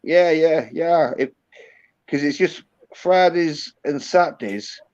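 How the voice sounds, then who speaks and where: A man's voice: fairly high pitch, takes it slowly, darkish tone. Laid-back Yorkshire man on lo-fi audio. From England. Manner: laid-back, swears freely, repeats "yeah, yeah". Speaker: channel host. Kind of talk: casual chat on a stream.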